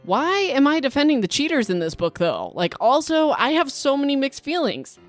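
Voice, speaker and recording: A woman's voice: sits high, huge pitch swings, normal speed, faint music behind. A woman hosting her own podcast in a chatty, rambling, self-deprecating way, talking into a home microphone. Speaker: podcast host. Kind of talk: casual solo podcast chat.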